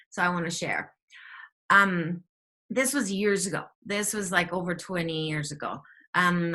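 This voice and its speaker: A woman co-hosting a spiritual talk show, telling stories in a chatty, animated way. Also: fairly low pitch. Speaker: podcast co-host, teacher.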